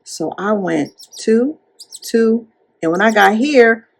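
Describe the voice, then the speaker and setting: A woman chatting casually while counting cash at home, animated and playful as she retells a story. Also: a little high, slow, vocal fry. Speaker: cash-stuffing YouTuber.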